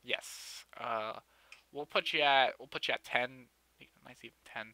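A man's voice: mid-range voice, normal speed, sharp tone, no room sound. A young man giving casual let's-play commentary as he builds a city in a game, joking sarcastically and mocking himself. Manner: joking, sarcastic, self-mocking, often laughing.

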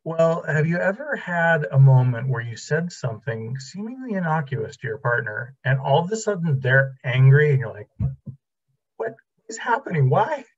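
A man leads a relationship class in a library classroom, keeping it conversational as he tells stories and performs quoted dialogue. His mid-range voice swings widely in pitch at a moderate pace with few pauses, captured in lo-fi sound.

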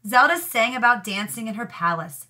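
Woman teacher, expressive storybook reader for young pupils, bright voice, lively swooping pitch. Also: normal speed.

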